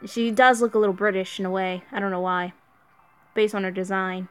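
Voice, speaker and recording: A woman's voice: medium pitch, steady tone, fairly quick, clear, resonant tone, soft background music. A young woman streaming a mobile game, chatting casually and answering her viewers. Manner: chatty, reads viewer chat aloud. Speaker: let's play streamer.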